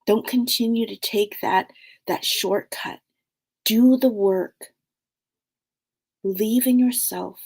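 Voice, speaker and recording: A woman relaying the gentle, urging words of a late father's spirit, in her own gravelly voice lifted a little. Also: fairly high pitch, slow pace, long pauses, voice pushed up, heavily acted. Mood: encouraging.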